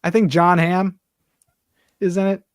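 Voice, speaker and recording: Guy cohosting a podcast, blunt and crude, swears a ton, higher voice, dry sound. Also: flat delivery, unhurried, smooth, dry recording. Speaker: podcast co-host. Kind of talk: casual chat.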